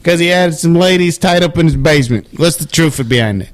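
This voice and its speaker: A man's voice: fairly high pitch, fairly quick. A man co-hosting a comedy podcast, teasing and arguing crudely in casual banter. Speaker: podcast co-host.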